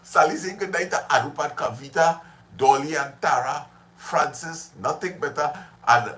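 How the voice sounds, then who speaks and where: A man's voice: fairly high pitch, lively intonation, normal speed, fairly bright tone. A man hosting a casual livestream, chatty and reminiscing, laughing often as he talks with viewers. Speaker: livestream host.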